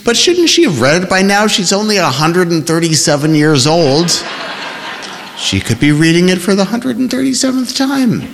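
A man voicing a bright teasing young woman. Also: big pitch swings, normal speed, gravelly, big-room sound, a little hiss or hum, exaggerated voice. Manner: playful, mocking, high-pitched put-on.

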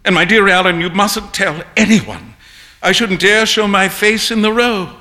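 Male reader playing a sulky young gentleman; sheepish, bright, grumbling. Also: sits high, animated, moderate pace, voice pushed up.

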